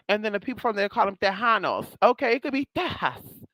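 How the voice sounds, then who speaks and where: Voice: mid-range voice, expressive, a little fast, pushed and bright, no room sound, low-quality recording. A spiritual vlogger talking straight to viewers in a casual monologue, sassy and blunt, calling people "girl" and "honey" and swearing freely.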